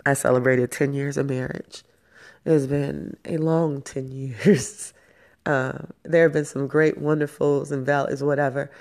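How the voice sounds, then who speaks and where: A woman's voice: extremely low pitch, fairly even intonation, darkish tone. A woman in her forties hosting her own vlog, talking through her feelings in a raw, emotional, profane way. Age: 40s. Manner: slow, profane, emotional and self-hyping. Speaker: vlog host. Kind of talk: raw personal vlog monologue.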